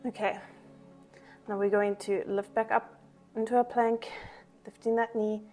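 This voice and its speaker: A woman coaches a pilates class, counting down reps and calling out inhales and exhales while she does the moves herself. She sounds a little out of breath. Her voice is mellow, and soft music plays faintly behind her. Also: medium pitch, flat delivery, measured pace. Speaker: pilates instructor. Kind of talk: workout class instruction.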